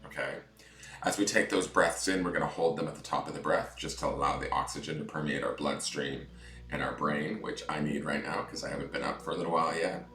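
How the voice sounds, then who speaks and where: A man with a deep morning voice, chatting on a tarot livestream and guiding a breathing meditation. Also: fairly even intonation, fairly quick, pushed and bright, echoey room, faint music behind. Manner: chatty, reads viewer comments aloud. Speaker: tarot reader.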